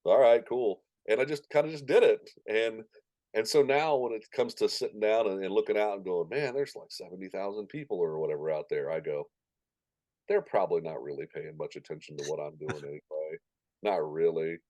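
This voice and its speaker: Deep-voiced man telling lively anecdotes. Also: fairly quick, no room sound. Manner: animated anecdotes, acting out quoted voices. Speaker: stadium announcer, guest. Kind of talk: casual interview storytelling.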